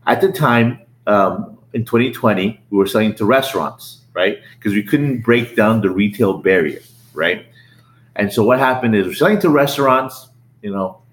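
A middle-aged man, a business owner, telling his story as a podcast guest in a lively, casual way, often repeating words and acting out what people said. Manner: animated, repeats words, acts out quotes in a higher voice. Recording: roomy echo.

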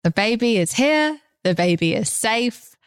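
A woman's voice: a little high, expressive, unhurried, clean tone, dry recording. Frank, sweary woman podcast host. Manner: frank and passionate, swears freely. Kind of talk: casual monologue.

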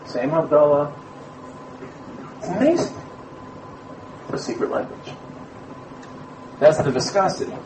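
A man from Brooklyn, giving a lively sermon-style talk to a community gathering, telling stories and mixing in Hebrew terms. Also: on the high side, a little hiss or hum. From Brooklyn, USA. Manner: animated storyteller, mixes in Hebrew terms. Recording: echoey room, mic at a distance.

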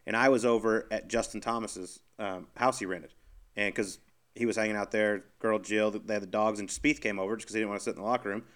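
A man's voice: on the low side, steady tone, fast talker, a bit bright. A man who co-hosts a podcast and used to play golf professionally, telling his side of the story in casual, teasing banter. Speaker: podcast co-host, former golf pro.

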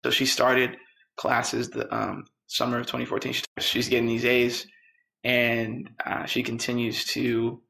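A man telling a personal story, lively and quoting the people in it. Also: mid-range voice, unhurried, gravelly. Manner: lively, quotes people in dialogue. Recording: roomy echo with faint music.

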